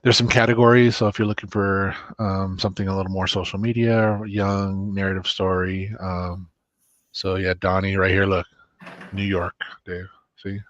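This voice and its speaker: A man hosting a casual livestream and walking through software, relaxed and rambling with lots of fillers. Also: deep voice, moderate pace, no echo, muffled recording. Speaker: host demoing software.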